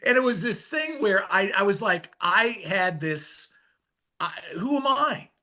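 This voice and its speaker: Middle-aged male author as guest; animated storyteller with a slightly high voice. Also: unhurried. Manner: animated, swings between hushed and excited. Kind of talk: storytelling interview answers.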